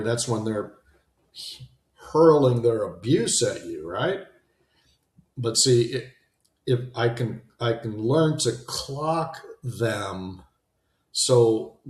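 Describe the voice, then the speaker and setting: With a fairly low voice in an echoey room, a man hosts a self-help talk, delivering unscripted motivation in a rambling, conversational way and frequently starting sentences over.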